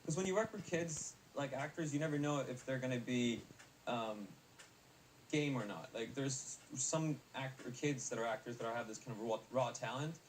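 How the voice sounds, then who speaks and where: A man's voice: mid-range voice, moderate pace. A young adult man, an actor guest in a casual interview, rambling with many fillers and restarts. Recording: distant mic with faint noise.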